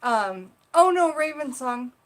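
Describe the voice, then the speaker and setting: A woman's voice: sits high, animated, slow pace. A woman from South Carolina hosting a casual livestream from her bedroom, reading viewer comments aloud and chatting with them. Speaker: livestream host. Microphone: seated at own camera.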